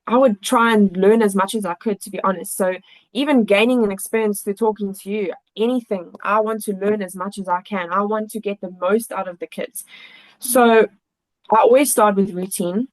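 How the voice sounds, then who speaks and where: A woman's voice: medium pitch, steady tone, normal speed, low-quality recording. A woman guest on a podcast, a children's coach, speaking earnestly and thoughtfully in casual conversation.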